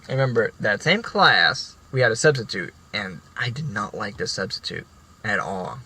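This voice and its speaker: A young man with a bright, forward voice telling school stories in a loose, rambling way. He restarts sentences often and swears casually as he goes. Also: lowish voice, expressive, moderate pace, breathy edge, rough recording. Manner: rambling, profane, many restarts. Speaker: vlogger. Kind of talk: casual storytelling.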